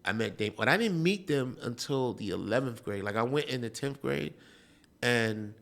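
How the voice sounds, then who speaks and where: A man hosts a relaxed interview. His voice is gravelly and rough at the edges. He rambles through his stories and keeps dropping "you know.". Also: medium pitch, normal speed. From Queens, New York. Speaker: host. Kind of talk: casual interview chat.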